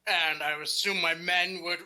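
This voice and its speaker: A man playing a formal noble in a tabletop game, pausing hesitantly mid-sentence. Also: high-pitched, steady tone, pushed and bright. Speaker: player.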